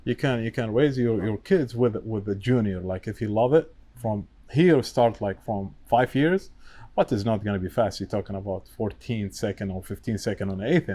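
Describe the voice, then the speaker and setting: A man's voice: fairly low pitch, moderate pace, dark tone. A man chatting casually as a podcast guest, in broken English that is not his first language, talkative and peppered with "you know". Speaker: guest, wiring business owner.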